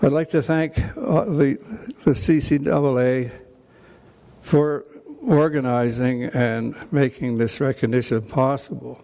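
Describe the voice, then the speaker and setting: An older Canadian man with a Canadian accent, giving an emotional, halting acceptance speech at a hall of fame ceremony, full of restarts. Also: medium pitch, steady tone, warm tone. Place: banquet hall.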